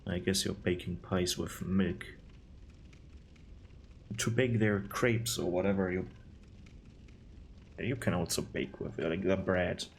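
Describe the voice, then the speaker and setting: Sarcastic man doing slow game commentary. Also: low voice, fairly even intonation, vocal fry, slight background noise. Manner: sarcastic, disgusted, rambling. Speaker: gaming video host. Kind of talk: casual gameplay commentary.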